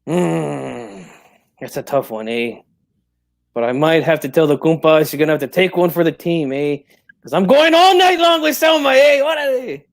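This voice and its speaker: A man's voice: fairly high pitch, normal speed, vocal fry, a little mellow. A man doing a comic impression of a tipsy, proud older boxing father who tags nearly every phrase with "eh?" and drops Spanish slang. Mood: boastful. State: drinking, tipsy.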